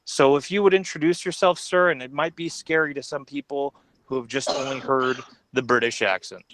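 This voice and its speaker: A man's voice: mid-range voice, fairly even intonation, a little fast, fairly bright tone, no echo. A man hosting a casual stream chat, joking and rambling as he introduces his guests. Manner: joking, rambling, swears freely. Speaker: host.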